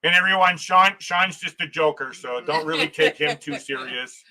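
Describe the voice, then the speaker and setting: A man's voice: a little high, moderate pace, sharp tone, rough recording. A man hosting a casual travel livestream, reading viewer comments aloud, chatting and laughing often, restarting his sentences. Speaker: livestream host.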